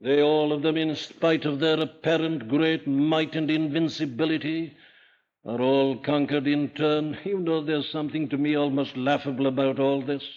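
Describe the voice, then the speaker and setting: A man's voice: fairly high pitch, steady tone, normal speed. An older man from Wales with a Welsh accent, preaching an emphatic sermon full of rhetorical questions. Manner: emphatic, rhetorical questions, rising to forceful declarations. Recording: dull lo-fi archival sermon recording.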